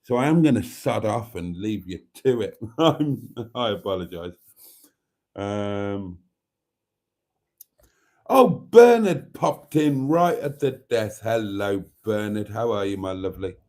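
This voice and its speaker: Brief: middle-aged male livestream host, unhurried delivery, cheeky and weary. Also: fairly low pitch, lively intonation, darkish tone. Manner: cheeky, chatty, laughs often. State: tired. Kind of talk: casual chat reading comments.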